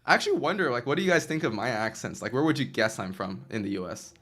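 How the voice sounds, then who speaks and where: An American man from Chicago casting a live strategy game, calm and analytical. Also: medium pitch, fast. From Chicago, United States. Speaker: esports caster.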